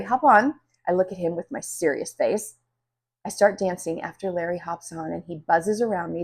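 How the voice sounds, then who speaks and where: A woman reading a children's story aloud in an expressive, animated way. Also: lowish voice, gravelly, husky. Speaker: children's book reader. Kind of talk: storybook read-aloud narration.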